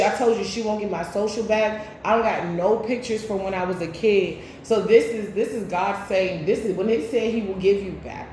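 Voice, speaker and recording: A woman doing a tarot reading, talking in a loose, chatty, profane way with sudden loud bursts. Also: medium pitch, a little hiss or hum. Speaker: tarot reader. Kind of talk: casual spiritual reading and storytime. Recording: very echoey room.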